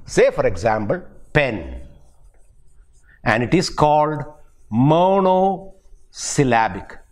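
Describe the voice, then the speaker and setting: An older man from India, an English professor giving a recorded university lecture, speaking deliberately and spelling words out letter by letter. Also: mid-range voice, very animated.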